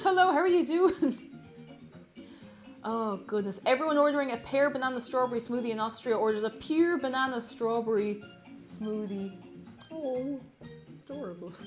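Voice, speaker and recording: Streaming from her home, a young Irish woman with a voice on the high side reads viewer comments aloud in a relaxed chat. Frequent giggles and meandering tangents fill her talk.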